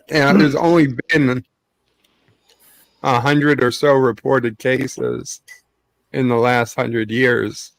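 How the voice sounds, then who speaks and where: A man in a casual live-stream chat, speaking haltingly with many ums and uhs. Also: medium pitch, gravelly, no echo.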